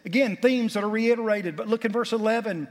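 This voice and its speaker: This high-voiced pastor moves fairly quickly through his sermon, driving points home with mounting emphasis and homespun asides. The church sanctuary gives his words a long, ringing reverb.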